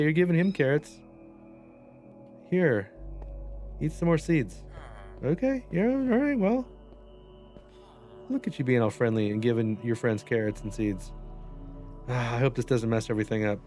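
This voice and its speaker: A man giving casual gameplay commentary, chatting to the characters on screen, often correcting himself and jumping up in excitement. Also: mid-range voice. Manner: chatty, talks to the game characters, lots of self-corrections; excitable, voice jumps up when pleased. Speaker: gameplay channel host.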